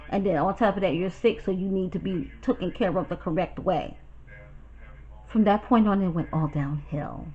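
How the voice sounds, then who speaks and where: A woman from New York telling a personal story to her viewers in a blunt, profane, animated way. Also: lowish voice, moderate pace, highs cut off. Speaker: YouTuber. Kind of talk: storytime vlog.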